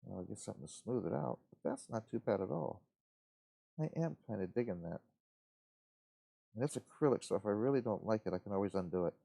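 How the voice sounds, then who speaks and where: A man's voice: fairly low pitch, animated, brisk, gravelly, long pauses, warm tone, husky, no echo, clean studio sound. A man hosting a live model-building stream, chatting casually and rambling to himself as he works, in an easygoing, folksy way. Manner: rambling, talks to himself while working.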